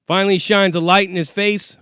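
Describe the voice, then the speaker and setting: His voice sits high and a bit bright, clear and resonant, with a level tone at a fairly quick pace. This ex-inmate spins profane, streetwise jail stories, acting out dialogue, in a studio-quality recording with no room sound.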